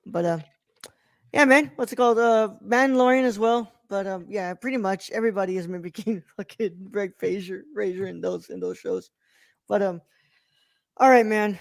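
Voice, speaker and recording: A man's voice: high voice, animated, moderate pace, vocal fry, dry recording. Rambling man hosting a podcast review. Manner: rambling, many fillers and self-corrections. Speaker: podcast host. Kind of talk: casual film review chat.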